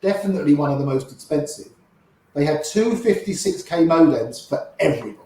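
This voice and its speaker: This poker player, a middle-aged man appearing as an interview guest, has a slightly high voice with a dark tone and an animated, brisk delivery. His chatty, wry storytelling keeps circling back to repeated phrases, and heavy echo fills the space.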